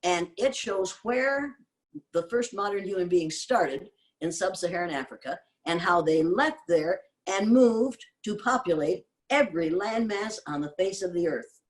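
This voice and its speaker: A woman's voice: fairly low pitch, animated, measured pace. An older woman from the United States, a guest on an interview, making her points emphatically and in a lecturing manner. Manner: forceful, lecturing, quotes others in pointed voices. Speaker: guest, anti-racism educator.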